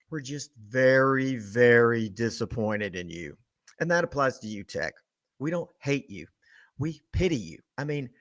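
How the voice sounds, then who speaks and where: A man hosting a sports podcast, delivering a mocking, scripted trash-talk rant about a rival college football team. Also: a little high. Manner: mocking, trash-talking, building to shouted tirades.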